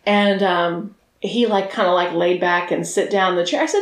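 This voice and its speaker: A woman's voice: lowish voice, steady tone, moderate pace, roomy sound. A woman who works as a dominatrix, chatting bluntly and crudely on a podcast, often laughing. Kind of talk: casual podcast chat.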